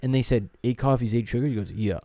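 Mellow-voiced man telling a sports story. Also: mid-range voice, quick pace, no echo. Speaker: podcast co-host. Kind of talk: casual sports chat.

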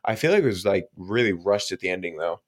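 A young man co-hosting a podcast, retelling stories in animated, slangy casual talk. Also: low voice, quick pace. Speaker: podcast co-host. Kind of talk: casual storytelling chat.

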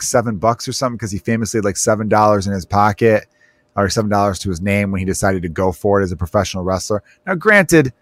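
A man's voice: on the low side, no room sound. Male podcast host, casual and joking, dry studio sound. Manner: rambling, joking, fond of asides.

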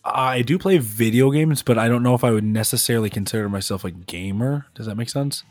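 A young man co-hosting a podcast, easygoing and quick to laugh. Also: medium pitch, dry recording, faint music behind. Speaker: podcast co-host. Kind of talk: casual chat.

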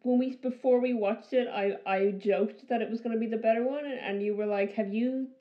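A woman's voice: fairly high pitch, steady tone, a little fast, dull audio. A woman co-hosting a podcast, talking casually with many fillers and frequent laughter. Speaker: podcast co-host. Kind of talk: casual chat.

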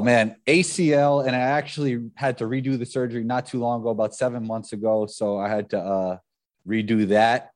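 A man's voice: medium pitch, darkish tone. A man hosting his own podcast, reading an upbeat promotional intro and then chatting easily with a guest. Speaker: podcast host.

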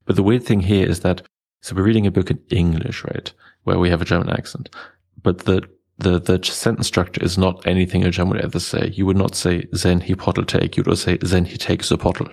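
A man's voice: deep voice, level tone, fairly quick, vocal fry, a little mellow. A man discussing a novel in a casual chat, hesitant and full of restarts. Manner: hesitant, many restarts and fillers. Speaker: book club participant.

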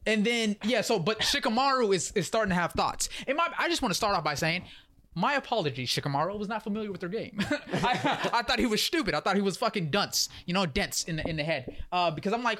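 A man hosting a podcast, recapping a story in lively slang and acting out quotes in a casual chat. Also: high-pitched, fast talker. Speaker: podcast host.

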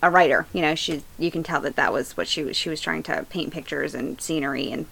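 A woman's voice: low-pitched, fairly even intonation, fairly quick, creaky, fairly bright tone, a little hiss or hum, rough recording. A woman co-hosting a podcast, chatting casually and rambling with lots of fillers and restarts. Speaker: podcast co-host. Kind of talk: casual chat.

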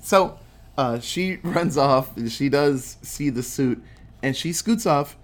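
A man chatting about a film he watched, telling the plot in a loose, profane way. He slips into quick impressions of the characters as he goes. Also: fairly high pitch. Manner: animated storytelling, acting out quotes. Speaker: podcast co-host recapping a film. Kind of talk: casual chat, profane movie recap.

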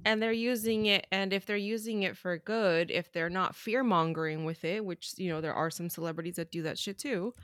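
A woman's voice: fairly low pitch, a little fast, few pauses, a bit bright, no echo, clean studio sound. A woman co-hosting a podcast in casual chat, telling stories animatedly with frequent "like" and easy laughs. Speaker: podcast co-host.

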